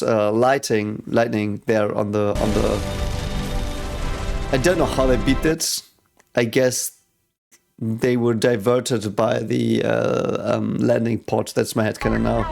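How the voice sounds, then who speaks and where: A man hosting a reaction video, talking casually and excitedly, swearing often and thinking aloud. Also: mid-range voice, gravelly.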